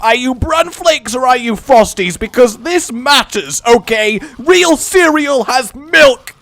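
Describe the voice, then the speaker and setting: A man hosting a let's-play video, giving excitable commentary, dramatic and panicky one moment, sarcastic the next. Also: very high voice, slow, hardly any pauses, no echo. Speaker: gaming YouTuber.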